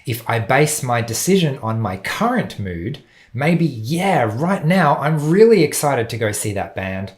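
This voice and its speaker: A man speaks straight to his viewers in a reflective, unhurried vlog. His voice sits in an ordinary middle register, and his delivery is measured and thoughtful. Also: medium pitch, big pitch swings. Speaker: vlogger. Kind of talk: reflective personal talk to camera.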